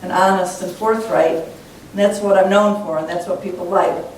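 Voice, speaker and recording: A woman's voice: fairly even intonation, moderate pace, a little mellow. A woman minister giving a sermon in a church, earnest and reflective in how she teaches. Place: church sanctuary. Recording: echoey church hall, mic at a distance, faint rumble.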